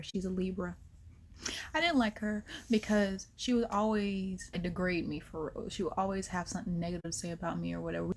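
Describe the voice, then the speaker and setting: A woman vlogger with a medium-pitched voice tells a personal story in a casual, slangy, animated way. She drops into whispers for some asides.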